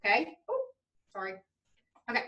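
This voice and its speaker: A woman's voice: on the high side, huge pitch swings, normal speed, bright, forceful tone, highs cut off. A middle-aged woman, a club leader giving a chatty instructional demo to kids and checking in often. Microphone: video camera. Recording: distant camera mic.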